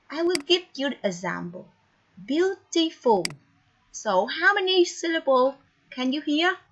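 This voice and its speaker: Slow, high-voiced woman teacher. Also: a bit bright. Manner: slow, deliberate, encouraging. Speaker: English teacher. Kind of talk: online English lesson. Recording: dull, lo-fi recording with faint noise.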